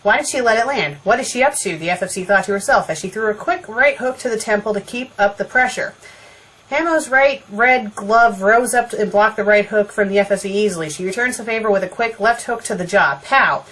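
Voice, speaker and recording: A woman's voice: medium pitch, a little fast, fairly bright tone, slightly rough. A young woman reading a fan story aloud for a comedy show, breaking off for dry, sarcastic remarks. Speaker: fanfiction critic and reader. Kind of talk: comedic fanfiction reading with commentary.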